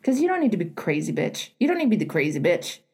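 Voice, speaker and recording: A woman's voice: lowish voice, sing-song, fast, darkish tone, slightly rough. A middle-aged woman hosting an advice show, earnestly coaching a caller in a plainspoken, emphatic way.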